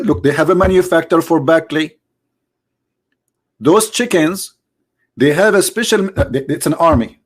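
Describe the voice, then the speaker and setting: Hosting a live stream, a man from the Middle East with an Arabic accent performs a sarcastic, theatrical monologue, alternating high exclamations with low asides in a mocking way. His husky voice has lively intonation and a fairly quick pace.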